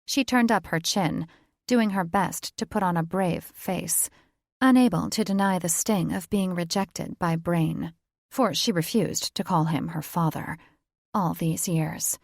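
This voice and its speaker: Lady reading an audiobook, low and gravelly, steady pace, dead dry sound. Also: measured pace, no room sound. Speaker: audiobook narrator. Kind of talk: scripted narration.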